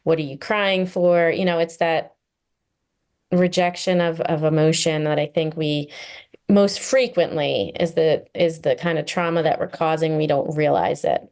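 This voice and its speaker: Guesting on a podcast, this therapist chats in an earnest, easygoing way, often using fillers and laughing briefly. She has a low, slightly mellow voice with fairly even intonation.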